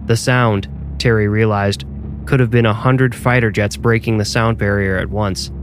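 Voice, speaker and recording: A man narrating a scripted horror story in a measured, even storytelling way. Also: lowish voice, slight background noise.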